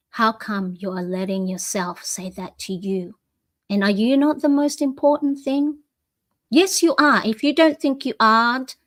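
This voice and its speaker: A woman's voice: fairly high pitch, no room sound. A woman in her forties hosting a motivational planner talk, encouraging and repeating affirmations, with many "you know"s. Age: 40s. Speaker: planner coach and channel host. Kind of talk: motivational live plan-with-me talk.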